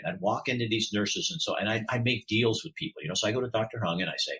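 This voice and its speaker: A middle-aged man, a podcast guest, telling his story in an animated way and acting out the dialogue. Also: fairly low pitch, fast talker, poor audio. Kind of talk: storytelling in an interview.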